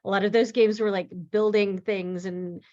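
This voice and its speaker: A woman artist taking part in a workshop over a video call, relaxed and reflective, laughing often as she talks. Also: mid-range voice, moderate pace, highs cut off.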